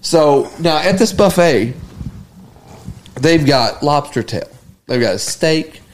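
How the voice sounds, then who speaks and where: A man with a slightly raised pitch spins a long anecdote on a relaxed podcast. He talks casually and animatedly, with plenty of swearing along the way. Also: takes it slowly, slight background noise. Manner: animated, profane anecdote-telling. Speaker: podcast co-host. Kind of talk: casual storytelling chat.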